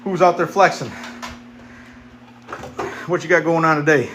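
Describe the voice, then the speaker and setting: A man's voice: on the high side, fairly even intonation, measured pace, fairly bright tone, a little hiss or hum. Laid-back man chatting in his home gym. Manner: laid-back, chatty, talks to viewers directly. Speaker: vlogger. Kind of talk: casual chat between workout sets. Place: home weight-training setup.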